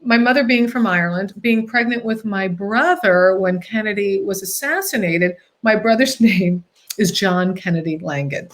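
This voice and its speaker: A woman's voice: medium pitch, moderate pace. A woman hosting a talk show, chatting casually and joking between plugs for her sponsors. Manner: joking, chatty, full of fillers.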